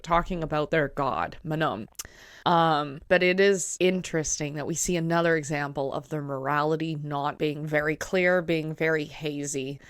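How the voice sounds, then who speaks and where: A woman with a fairly low voice talks through a film in a loose, chatty way, laughing often and filling pauses with "um." The sound is dry and close, with no room around her. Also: dry recording. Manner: chatty, laughs often, acts out quoted lines; frequent fillers and hesitations. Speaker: film commentator. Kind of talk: casual film commentary.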